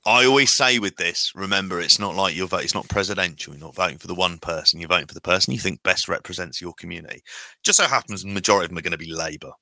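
A man's voice: sits low, very fast, sharp tone, dry recording. A man in a casual podcast chat, rambling and restarting his sentences as he jokes. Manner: rambling, self-correcting banter.

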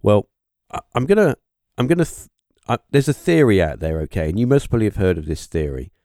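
A man hosting a podcast interview, talking in a halting, musing way with lots of fillers and restarts. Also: lowish voice, very animated, warm tone, no echo, clean studio sound. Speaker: podcast host. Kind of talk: casual interview chat.

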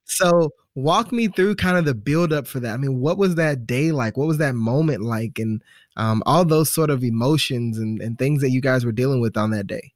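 A man's voice: medium pitch, normal speed, no echo, clean studio sound. A man hosting a podcast who guides his guest through her story with questions. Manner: leads with questions. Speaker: podcast host. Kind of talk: interview questions.

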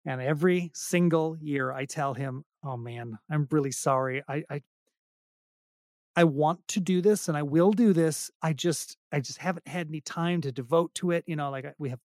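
A man's voice: fairly high pitch, moderate pace, a little mellow, no room sound, studio quality. A middle-aged man talking casually as an interview guest, self-deprecating and rambling with many restarts. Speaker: podcast guest, singer-songwriter.

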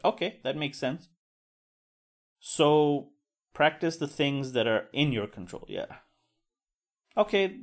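A man hosting a solo podcast, talking casually with frequent swearing and self-deprecating asides. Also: medium pitch. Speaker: podcast host.

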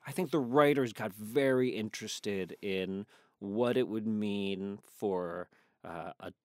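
A man's voice: lowish voice, slow pace, no room sound. Man telling stories in dry sound. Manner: animated storyteller, quotes others in changed voices. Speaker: actor guest. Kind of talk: casual interview chat.

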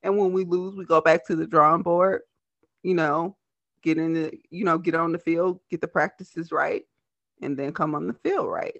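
A woman podcast host with a lisp, talking fast in casual, animated chat. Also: fairly low pitch, vocal fry, dry recording, lo-fi sound. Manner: talks fast, animated and laughing.

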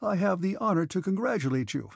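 A man's voice: sits high, lively intonation, fast, creaky, husky, no room sound, voice pushed up, full character voice. A man voicing a foolish young male officer, breathless and gleeful, in an audiobook reading.

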